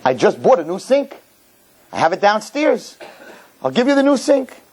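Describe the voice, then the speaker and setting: A man's voice: high-pitched, big pitch swings, moderate pace, darkish tone, husky, voice pushed up, full character voice. A man voicing a polite homeowner who explains things patiently. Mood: obliging.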